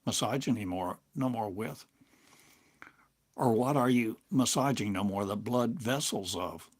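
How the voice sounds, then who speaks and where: At home in a small town over coffee, an older man speaks as a teacher in a slow, halting spiritual monologue. His lowish voice stretches out phrases, leaving long pauses between them.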